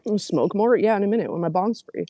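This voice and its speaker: Sarcastic woman streamer, mellow voice. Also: mid-range voice, fast. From Canada. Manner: sarcastic, profane, mocking commenters. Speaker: livestreamer. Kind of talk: casual livestream chat reading comments.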